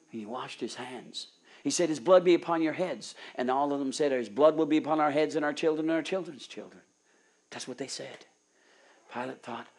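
A man preaching a sermon, moving between hushed, near-whispered pleas and loud, fervent urging. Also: mid-range voice, normal speed.

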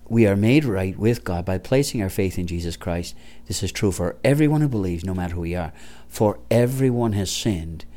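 Man preaching in a relaxed low voice. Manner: conversational preaching, drops to a hushed voice for prayers. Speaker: pastor. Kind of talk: sermon.

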